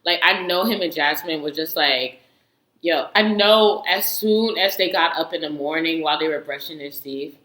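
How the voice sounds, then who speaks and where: A woman casually reviewing a reality show, animated and outspoken, laughing often and swearing freely. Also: deep voice, normal speed, reverberant, low-quality recording. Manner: slangy, animated storytelling with frequent laughs. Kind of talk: casual chat.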